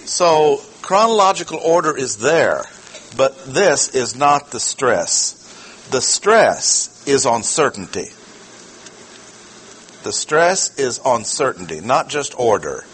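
A man's voice: medium pitch, a bit bright, slightly rough, rough recording. A man preaching a sermon, teaching through a passage with rhetorical questions and repeated key phrases.

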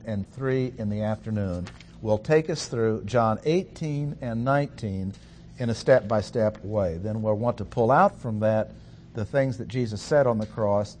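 A man giving a Bible study lecture, reading scripture in a measured, deliberate way with pauses. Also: on the low side, darkish tone, a little hiss or hum. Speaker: Bible teacher.

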